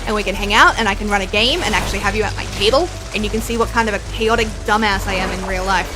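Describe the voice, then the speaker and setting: A woman's voice: mid-range voice, racing, over music, low-quality recording. A woman from Australia with an American accent, chatting bluntly and swearing freely while she plays a game on a live stream. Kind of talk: casual live-stream chat while gaming.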